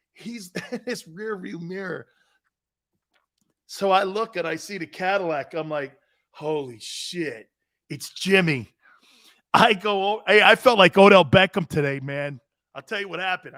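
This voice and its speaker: A man in his fifties hosting a sports talk show, telling a story in a brash, animated, profane way. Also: high voice, dry recording, studio quality. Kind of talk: casual storytelling.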